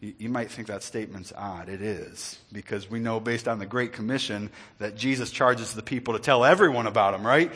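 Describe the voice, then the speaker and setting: A man's voice: fairly low pitch, fairly even intonation, moderate pace, few pauses, fairly bright tone, breathy edge. A male pastor, preaching in a conversational way with joking asides and repeated words. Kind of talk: sermon.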